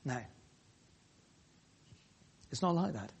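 A man preaching a sermon, emphatic and repetitive, speaking in short, pausing phrases. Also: a little high, expressive, gravelly, husky, long reverb tail.

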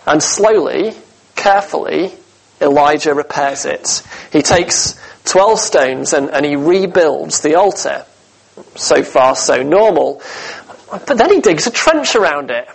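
A man preaching a sermon, telling the story with lively asides, humor and rhetorical questions. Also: a little high, slow pace, vocal fry, slightly rough, poor audio.

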